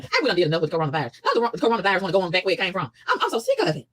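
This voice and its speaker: Fast-talking, exasperated woman ranting. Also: breathy edge. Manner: fast, exasperated ranting with animated pitch swings. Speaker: vlogger. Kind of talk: ranting monologue.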